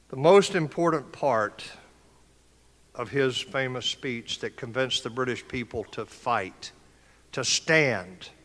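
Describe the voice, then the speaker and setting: Brief: older male speaker, emphatic motivational address, forceful tone, echoey hall. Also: medium pitch. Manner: emphatic, impassioned, preacher-like delivery. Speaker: conference speaker. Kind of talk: motivational speech. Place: conference hall.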